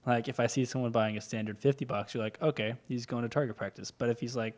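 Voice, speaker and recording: A man's voice: medium pitch, steady tone, quick pace. A young man co-hosting a podcast, chatting casually, rambling and laughing as he goes. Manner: rambling, laughs often, restarts words. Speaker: podcast co-host. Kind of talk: casual chat.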